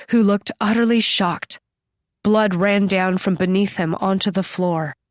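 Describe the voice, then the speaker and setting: A woman's voice: medium pitch, no echo, clean studio sound. Woman narrating a horror audiobook. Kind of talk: scripted narration.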